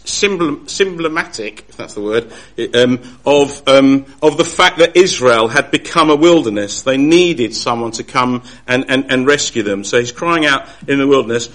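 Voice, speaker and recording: A man giving a Bible study talk, earnest and halting, often restarting his sentences. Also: medium pitch, fairly bright tone. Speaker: Bible teacher.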